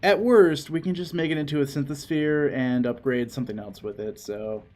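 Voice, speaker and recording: A man's voice: a little high, normal speed, a little mellow. A young man casually chatting while playing a video game as a co-host, laughing often and trailing off mid-thought. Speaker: let's play co-host. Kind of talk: casual gameplay commentary.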